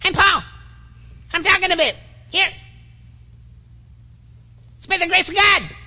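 A man voicing a small, timid Paul with a high squeaky voice, in a dull recording with long reverb. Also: unhurried. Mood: meek.

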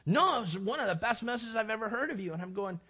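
A man's voice: high-pitched, fast talker, slightly rough, highs cut off. A male pastor preaching a sermon, acting out everyday scenes with playful shifting voices. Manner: animated, acts out little scenes with shifting voices.

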